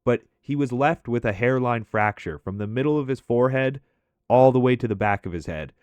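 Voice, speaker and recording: A man's voice: medium pitch, fairly quick, a little mellow, no room sound. A man casually telling a story over gameplay commentary, chatty and loose, often laughing and tagging lines with "right?".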